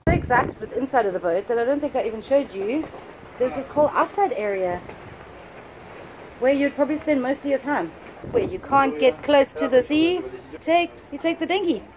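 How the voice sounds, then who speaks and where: A woman co-hosting a casual vlog, tossing in bright, amused comments. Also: sits high, normal speed, crowd noise, low-quality recording. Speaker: vlog co-host. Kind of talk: casual chat. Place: outdoors at a waterfront boat show. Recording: clear background noise.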